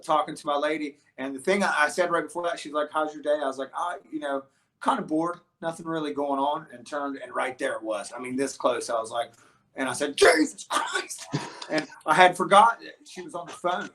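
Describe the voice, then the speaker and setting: A man from the United States, a touring rock musician, telling stories as an interview guest, animated and full of restarts and fillers. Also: a little high, fairly quick. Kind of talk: casual interview storytelling.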